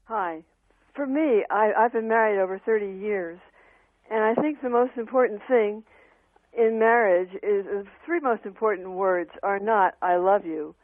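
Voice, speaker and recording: A woman in her fifties calling in to a radio show, earnest and deliberate. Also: medium pitch, no echo. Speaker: caller. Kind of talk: call-in radio phone call. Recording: tinny phone line.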